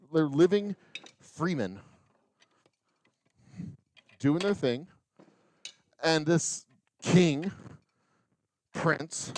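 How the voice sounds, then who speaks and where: A man's voice: on the high side, a little mellow, a little hiss or hum. A man hosting a live stream from his distillery, rambling through sarcastic musings and counting bottles under his breath as he works. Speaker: distiller and channel host. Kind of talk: rambling live-stream chat while working. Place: small distillery bottling room, indoors.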